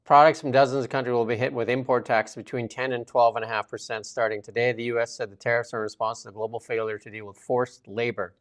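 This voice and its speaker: A man hosting a political commentary show, emphatic and sarcastic, firing off loud rhetorical questions. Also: medium pitch, little pitch movement, quick pace, hardly any pauses. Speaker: show host.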